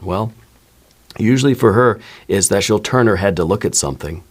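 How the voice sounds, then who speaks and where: Low-voiced man giving a tarot reading. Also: expressive, normal speed. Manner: reflective, conversational, frequent "you know" and "right". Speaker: tarot reader. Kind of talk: relaxed spoken tarot reading.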